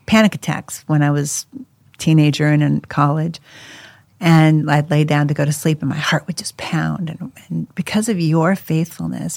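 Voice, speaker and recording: A woman tells her own story in a relaxed podcast conversation, animated and quick to laugh. Her voice has a slightly gravelly edge. The sound is dry and close, with no room around it. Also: low-pitched, no echo. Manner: animated, laughs often, acts out quoted voices. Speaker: co-host sharing her life story.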